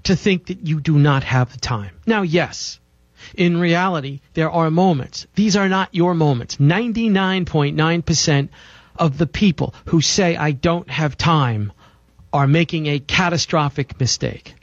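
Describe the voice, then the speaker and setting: A male talk-show host delivers an insistent, preachy health monologue and keeps driving his points home. His voice sits a little high. The audio is dull and lo-fi, with a dry, close sound. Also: moderate pace, no room sound. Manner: emphatic, preachy, insistent repetition.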